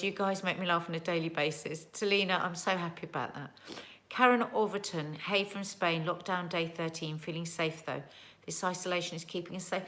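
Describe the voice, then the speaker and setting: A woman's voice: sits low, a bit bright. A woman hosting a casual livestream from home, reading viewer comments aloud in a chatty, earnest and emotional way.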